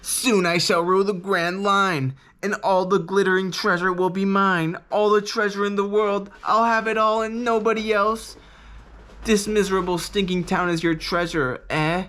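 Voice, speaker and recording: A man's voice: high voice, level tone, normal speed, fairly bright tone, voice pushed up. A man voicing a boastful, greedy male pirate clown captain in a raised, arrogant voice. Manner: arrogant, grandstanding.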